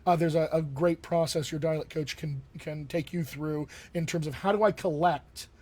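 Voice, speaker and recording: A man's voice: fairly high pitch, steady tone, moderate pace, darkish tone. A man working as a dialect coach, talking casually to viewers in a live stream Q&A, with lots of fillers and restarts. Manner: conversational, many fillers and restarts.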